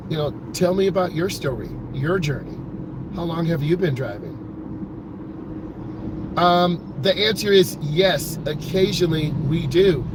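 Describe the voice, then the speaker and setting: A man, a driving instructor, coaches his live chat while driving through city traffic. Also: a little high. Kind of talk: live-streamed driving commentary. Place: inside a car in city traffic. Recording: clear car and traffic noise. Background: engine and road noise.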